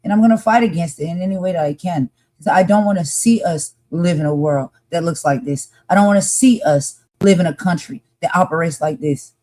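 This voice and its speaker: A woman's voice: lowish voice, a little fast, mellow. A woman co-hosting a live podcast discussion, talking passionately and emphatically and repeating her points for force.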